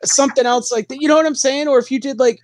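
A man's voice: very high-pitched, steady tone, very fast. A man co-hosting a podcast, blunt and joking, swearing freely in casual chat. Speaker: podcast co-host.

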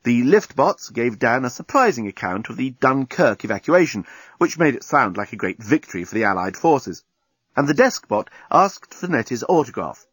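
A man's voice: mid-range voice, big pitch swings, moderate pace, a bit bright, breathy edge, no echo. A man narrating a comic science fiction audiobook with a wry manner.

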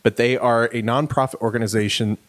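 A man's voice: medium pitch, fairly even intonation, a little fast. A middle-aged man, co-hosting a casual podcast, rambling with many fillers and restarts and laughing easily. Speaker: podcast co-host. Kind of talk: casual chat.

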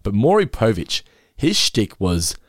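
A man co-hosting a podcast in casual chat, rambling and often laughing. His pitch is lively, and the sound is dry and close. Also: a little slow, dry recording. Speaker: podcast co-host. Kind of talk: casual chat reviewing an episode.

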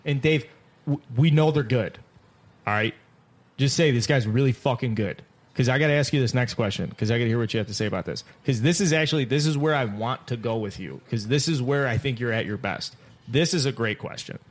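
A man's voice: medium pitch, brisk. A man hosting a casual sports podcast, brash and teasing, who swears freely. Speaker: podcast host.

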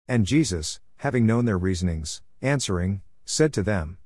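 A man with a lowish voice reads scripture aloud. He moves steadily through short phrases at a measured pace. The recording is dry and close. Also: expressive, darkish tone, no echo. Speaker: scripture reader. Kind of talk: scripture reading.

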